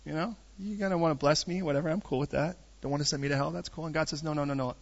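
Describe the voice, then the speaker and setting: A middle-aged man preaching a storytelling sermon, joking and swinging between loud bursts and hushed asides. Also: fairly high pitch, very fast, gravelly. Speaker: pastor. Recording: dull lo-fi sound.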